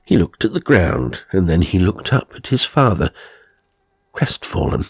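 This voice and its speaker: A man reading a horror story in a slow, measured scripted narration, dropping to a hush at times. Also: low-pitched, very animated, slightly rough, dry recording.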